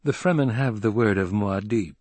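A cold young ruler issues clipped, measured commands, as a male reader voices him. The tone is raised and firm over a slightly husky grain. Everything sits close and dry. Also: lowish voice, a little mellow, no echo, natural voice. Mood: commanding.

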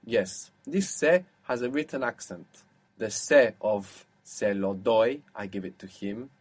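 A man teaching a one-to-one language lesson, explaining patiently and slowing down to model words. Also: fairly low pitch, slightly rough.

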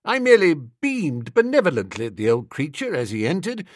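Guy reading a story aloud, lots of pitch swing, dry. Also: huge pitch swings, brisk, dry recording. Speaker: audiobook narrator. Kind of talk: expressive audiobook narration.

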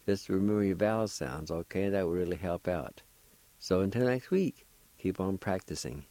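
A man's voice: low-pitched, normal speed, dark tone, no room sound. A man hosting a radio language lesson, spelling words letter by letter and patiently sounding out each syllable. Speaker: language teacher and radio host. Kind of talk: slow spelled-out pronunciation lesson.

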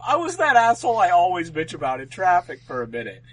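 A man's voice: high voice, very animated, brisk, hardly any pauses, bright, forceful tone, husky, poor audio. A man co-hosting a podcast, telling a rambling, profane, self-mocking story in casual chat. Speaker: podcast co-host.

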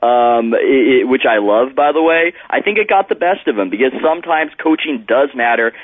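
A man's voice: medium pitch, animated, moderate pace, no room sound. A man calling in as a guest reporter on a radio show, talking with hesitant restarts and self-corrections. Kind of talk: radio phone interview. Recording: tinny phone line.

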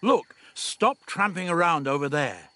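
A man's voice: fairly high pitch, animated, measured pace, sharp tone, no room sound, voice pushed up. A man voicing an impatient, exasperated young male traveller in an audiobook. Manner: snappy, impatient. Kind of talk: audiobook dialogue.

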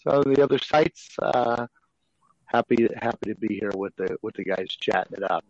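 A man co-hosting a podcast, talking slowly with halting fillers. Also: on the low side, darkish tone, no echo, highs cut off. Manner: slow, halting, with many fillers. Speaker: podcast co-host. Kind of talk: casual chat.

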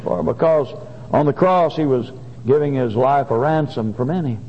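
A man preaching a sermon and reading scripture in a folksy, halting way with many restarts. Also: medium pitch, slight background noise. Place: church. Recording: dull lo-fi church recording with long reverb.

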